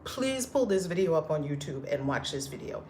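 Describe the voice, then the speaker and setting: A woman's voice: low-pitched, sing-song, moderate pace, a little mellow, slight background noise. A woman hosting a live stream, chatting casually and effusively with viewers, greeting them by name and laughing often. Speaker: livestream host.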